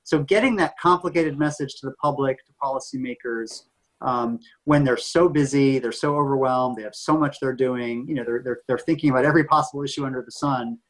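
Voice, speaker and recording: A man's voice: medium pitch, brisk, poor audio. A man who works in public health, a guest in an interview, explaining complicated issues thoughtfully. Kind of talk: conversational interview.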